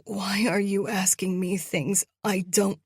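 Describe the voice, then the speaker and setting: A woman narrator voicing a terrified, parched young woman held captive, pleading in a raspy, trembling voice. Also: medium pitch, level tone, slow, dry recording, studio quality. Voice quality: raspy, cracked voice.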